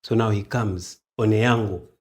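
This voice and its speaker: A man's voice: on the low side, moderate pace, husky. A man, a guest in a casual interview, telling his story with animation and acting out the dialogue. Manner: animated, acts out dialogue in quoted voices.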